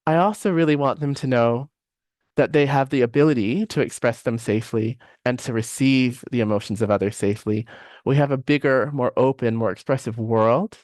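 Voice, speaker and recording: A man's voice: mid-range voice, a little fast, darkish tone, no echo, clean studio sound. A man presenting a live online workshop in a reflective, conversational way. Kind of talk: live online teaching session.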